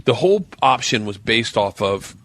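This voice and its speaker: A man's voice: on the low side, moderate pace, gravelly. A man in his forties telling a story on a podcast, swearing freely and acting out what others said. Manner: animated storyteller, swears freely, acts out quotes. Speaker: podcast guest.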